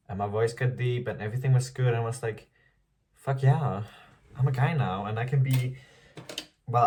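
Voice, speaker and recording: A man's voice: low-pitched, a little mellow, far from the mic. A man around twenty talking frankly in a casual diary vlog, swearing freely and laughing often. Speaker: vlogger.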